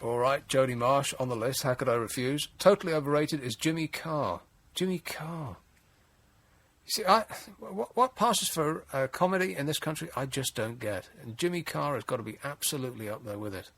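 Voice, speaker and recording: A man's voice: mid-range voice, moderate pace, a bit bright. A man hosting a late-night radio phone-in, wry and exasperated, rambling with frequent restarts. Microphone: studio mic.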